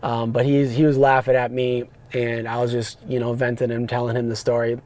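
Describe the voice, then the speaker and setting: A man, hosting a podcast and telling rambling, animated stories about his rideshare driving. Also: medium pitch, fairly quick. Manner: animated, rambling, frequent restarts and fillers. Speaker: podcast host, rideshare driver. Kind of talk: casual storytelling monologue. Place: parked car.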